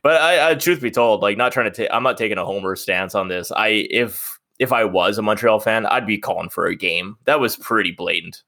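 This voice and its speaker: Young man, low-ish voice, hesitant rambling podcast co-host. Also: a little fast, hardly any pauses, bright, forceful tone, no room sound, clean studio sound. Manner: rambling, hesitant, laughs often. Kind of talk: casual sports chat.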